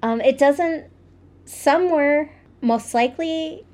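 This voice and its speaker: A woman co-hosting a podcast, telling stories in a relaxed way with fillers. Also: sits high, slow pace. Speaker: podcast co-host. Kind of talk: casual storytelling chat.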